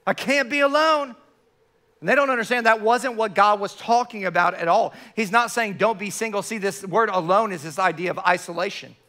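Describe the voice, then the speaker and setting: Guy pastor preaching in church, high bright voice, keeps restarting words. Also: fairly quick, hardly any pauses. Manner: animated preaching with repeated stammering restarts. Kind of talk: sermon.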